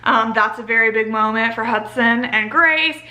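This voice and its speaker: A woman's voice: on the high side, moderate pace, bright, forceful tone. A young woman chatting casually as a book reviewer, rambling and gushing, with lots of "like" and "um".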